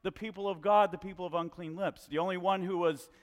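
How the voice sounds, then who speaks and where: Male pastor, high voice, animated sermon delivery, church hall reverb. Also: fast talker. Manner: animated, questioning the congregation.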